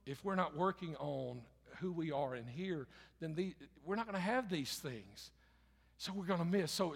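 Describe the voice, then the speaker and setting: Male pastor, sermon, conversational, swings from loud emphasis to quiet low lines, long reverb of a church hall. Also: gravelly. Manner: repeats phrases, conversational preaching.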